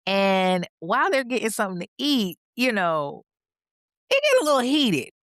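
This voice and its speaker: A woman's voice: mid-range voice, very animated, moderate pace, a bit bright, no room sound, clean studio sound. Chatty woman telling a true crime story. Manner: casual, slangy, chatty asides. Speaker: podcast host narrating a true crime story.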